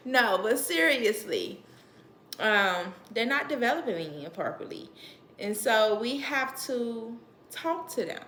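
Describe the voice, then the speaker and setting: A woman's voice: a little high, lively intonation, slow, a bit bright, reverberant, slight background noise. A woman educator giving earnest, emphatic parenting advice to the camera in a casual vlog. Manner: earnest, emphatic, laughs at herself.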